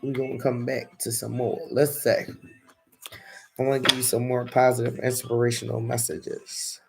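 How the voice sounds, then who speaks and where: Philly guy with a gravelly voice doing a chatty tarot livestream, reads cards out and talks to the chat. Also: medium pitch, completely flat delivery, normal speed, over a noisy crowd. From Philadelphia. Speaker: tarot reader. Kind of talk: casual live-stream tarot reading.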